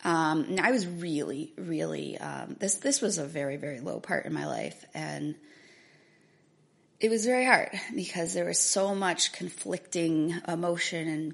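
A woman's voice: low-pitched, creaky. A woman in her thirties telling her own story earnestly and reading aloud from a book she wrote. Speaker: author sharing her story. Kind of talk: personal testimony with a book reading.

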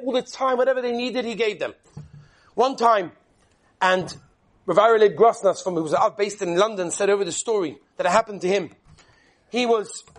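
A man with a strikingly high voice preaches with real animation, leaning into each story and pressing his points home with emphasis. He speaks as a rabbi addressing his listeners. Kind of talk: sermon with storytelling.

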